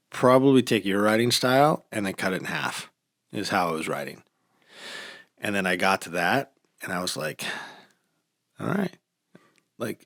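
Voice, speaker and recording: A man casually chatting on a podcast, telling stories with lively acted-out quotes. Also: lowish voice, dry recording, clean studio sound. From United States. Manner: animated storytelling, acts out quotes. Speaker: podcast host. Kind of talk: casual chat.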